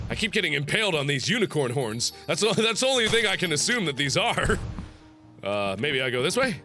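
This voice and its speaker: A man in his twenties narrates a video game he is playing, excitable and full of puns, yelping at every mishap. His voice sits high and leaps wildly up and down. Faint game music plays under him. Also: a little fast. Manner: excitable, punny, frequent yelps and laughs. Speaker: gaming YouTuber. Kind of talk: let's play commentary.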